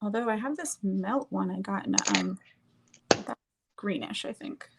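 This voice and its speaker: A woman's voice: medium pitch, huge pitch swings, unhurried, very noisy. A woman chatting casually and rambling as she does her makeup, swearing now and then. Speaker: streamer doing makeup on a group call. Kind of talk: casual chat.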